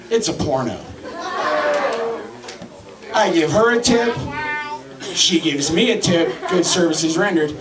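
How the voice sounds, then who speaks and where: Man in his thirties, high voice, crude deadpan stand-up, echoey room heard from afar, loud crowd. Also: far from the mic. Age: 30s. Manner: crude, deadpan joke delivery. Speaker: comedy host. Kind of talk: stand-up comedy. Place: crowded club, roomy.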